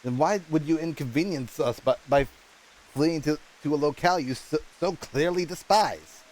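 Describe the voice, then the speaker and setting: A man's voice: on the high side, normal speed, darkish tone, close to an everyday voice, rough recording. A man voicing a polite, proper male noble patron, reading game dialogue aloud in a formal manner and stumbling over words.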